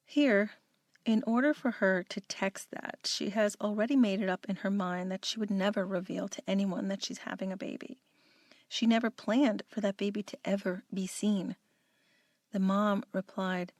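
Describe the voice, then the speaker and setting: A woman's voice: medium pitch, fairly even intonation, moderate pace, dry recording, studio quality. Earnest woman breaking down a case. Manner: earnest, emphatic, judging. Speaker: true-crime commentator. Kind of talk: analytical true-crime commentary.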